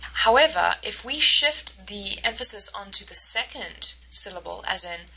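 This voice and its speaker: A woman instructor giving a recorded lecture over slides, explaining patiently and slowing down to model the stressed words. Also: medium pitch, pushed and bright, poor audio. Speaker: university instructor.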